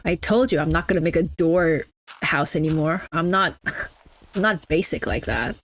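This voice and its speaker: A woman's voice: deep voice, normal speed. A young adult woman streaming a game, chatting casually and teasing her chat with mock-snobby banter. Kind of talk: casual live-stream chatter while gaming.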